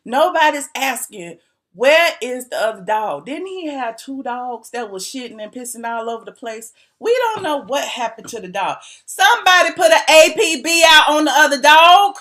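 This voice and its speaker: A woman hosting a gossip commentary channel, talking to her viewers in a sassy, animated, teasing way and laughing often. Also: sits high, moderate pace, hardly any pauses. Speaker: YouTube commentary host.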